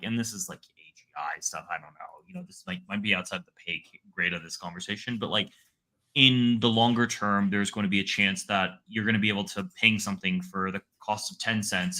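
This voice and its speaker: A man talks as a guest analyst in a relaxed interview. His voice sits low, yet its tone comes across bright and forward. He rambles, circling back with restarts and fillers as he thinks aloud. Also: brisk. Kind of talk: casual interview talk.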